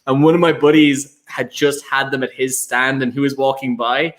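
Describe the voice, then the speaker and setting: A man's voice: medium pitch, steady tone, moderate pace, fairly bright tone. A young Irish man, a whiskey ambassador on a panel, telling self-mocking anecdotes in a loose, restarting way. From Ireland. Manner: rambling storyteller, many fillers and restarts, self-mocking laughs. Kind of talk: casual anecdotal chat.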